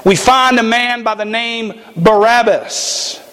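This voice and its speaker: A man preaching a sermon in a church, slow and emphatic with dramatic pauses. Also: very high-pitched, pushed and bright, long reverb tail. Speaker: pastor.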